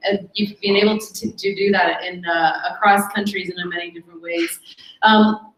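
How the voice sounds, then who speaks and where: A woman hosting a talk, summarizing the speaker's points in a measured way and introducing a demo. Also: mid-range voice, fairly even intonation. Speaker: event host. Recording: echoey room.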